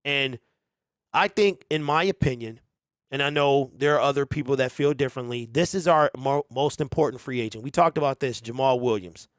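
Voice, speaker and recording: A man's voice: mid-range voice, moderate pace, dry recording, clean studio sound. A man hosting a sports talk show, giving rambling, conversational commentary with emphatic opinions.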